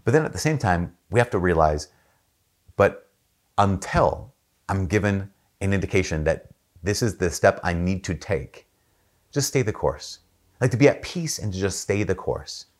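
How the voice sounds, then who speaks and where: A man speaking as a Catholic priest in a casual faith talk, telling stories in a chatty way and raising his voice to act out the people he quotes. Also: moderate pace. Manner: storytelling, jumps up in pitch to act out quoted people; relaxed, chatty, with frequent fillers and restarts.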